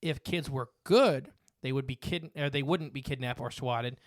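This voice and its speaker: A man co-hosts a casual podcast at medium pitch and a moderate pace, reading facts from his notes and rambling with fillers and restarts. The close mic is dry, with no room sound.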